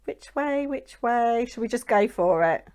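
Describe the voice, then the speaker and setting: A woman's voice: a little high, lively intonation, unhurried, background noise. A woman hosting a papercraft channel, talking through her work in a rambling, chatty way and adding lots of tag questions. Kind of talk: chatty crafting vlog.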